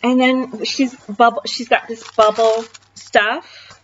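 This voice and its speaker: A woman hosting a craft channel, chatting casually and gushing excitedly with lots of fillers while she unboxes gifts. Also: fairly high pitch, takes it slowly, dull audio, a little hiss or hum. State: voice cracking.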